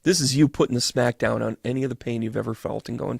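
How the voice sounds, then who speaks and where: A man with a gravelly, fry-edged voice runs a live tarot reading, animated and swearing freely as he talks to viewers. The sound is dry and close. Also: medium pitch, no echo. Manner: animated and profane, acting out quick voices. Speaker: medium doing tarot readings.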